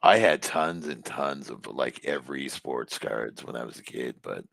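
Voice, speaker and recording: A man with an extremely deep, gravelly voice that still cuts through bright and forceful. He talks bluntly and swears without thinking about it. The sound is close and dry. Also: lively intonation, measured pace, dry recording. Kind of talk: casual chat.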